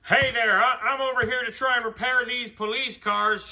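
Mom-ish woman playing legos with a kid, high voice, lively narrating and making car noises. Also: normal speed. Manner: animated, makes sound effects and voices for toys. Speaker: parent playing with a child. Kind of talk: playful toy play narration.

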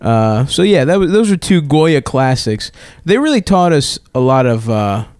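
A man's voice: medium pitch, sing-song, normal speed, a little mellow, no room sound. A man from Baltimore, co-hosting a podcast, telling rambling stories and laughing at his own jokes. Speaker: podcast co-host. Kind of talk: casual comedy chat.

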